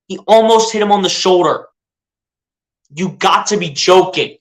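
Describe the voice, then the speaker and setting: A young man giving casual fan play-by-play of a baseball game, excitable and pleading with the players. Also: high-pitched, a little slow. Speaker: fan streaming live play-by-play.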